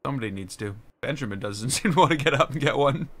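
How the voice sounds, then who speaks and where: A man's voice: medium pitch, animated, fast, fairly bright tone. A man streaming a building game live, complaining and ranting as he plays, with keyboard typing behind him.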